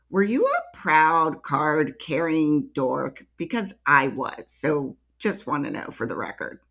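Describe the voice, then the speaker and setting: A woman's voice: lowish voice, a bit bright. A woman host asking a storyteller friendly, curious questions after her story.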